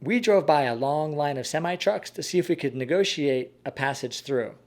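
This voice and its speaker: Calm man narrating a scripted story. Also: a little high, moderate pace. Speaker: host.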